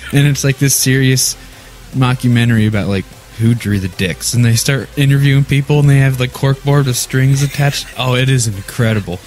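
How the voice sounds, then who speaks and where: A young man co-hosting a casual podcast, giggling and joking as he retells shows he has seen. His voice sits at a middling pitch, with faint music behind him. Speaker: podcast co-host. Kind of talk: casual chat.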